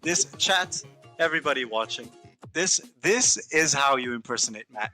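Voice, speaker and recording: A man's voice: medium pitch, lively intonation, normal speed, pushed and bright, faint music behind. A man from Portugal with a British-sounding English accent, bantering as an esports co-commentator. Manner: playful, bantering.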